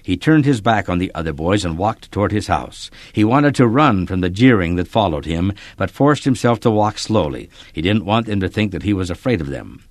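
Low-voiced, expressive male storyteller. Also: a little fast, hardly any pauses, dry recording. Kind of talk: scripted narration of a children's story.

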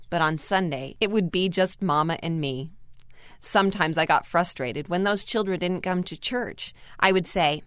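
A woman reading aloud an earnest first-person article as scripted narration, calm and steady. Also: fairly low pitch, moderate pace, no echo, studio quality. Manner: calm, earnest storytelling read.

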